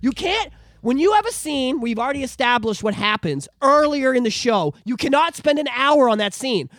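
A podcast co-host in casual chat, ranting with lots of swearing and animated outbursts, recorded on a podcast microphone. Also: high voice, a little fast, dry recording, clean studio sound.

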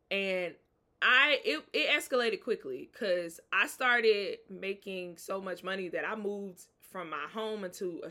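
A woman podcast host with a Southern US accent, sharing a personal faith testimony in a casual, animated storytelling way and talking straight to her listeners. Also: mid-range voice. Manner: animated, acts out dialogue, addresses listeners as y'all.

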